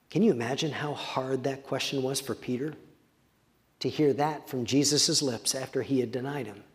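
A man preaching a sermon as a pastor, reading scripture slowly with quiet, dramatic pauses. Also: on the high side, expressive, big-room sound.

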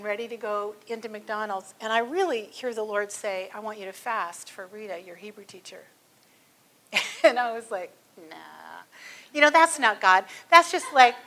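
A woman's voice: a little high, pushed and bright. A middle-aged woman teaching a church class, telling personal stories in a chatty way with many fillers.

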